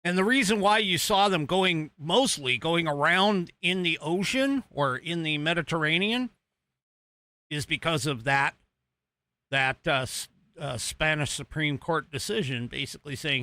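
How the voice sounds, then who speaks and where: A man's voice: fairly high pitch, expressive, moderate pace, pushed and bright, no room sound. An American man hosting a political podcast, rambling casually with many fillers and restarts while he talks over video footage he is playing. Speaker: podcast host.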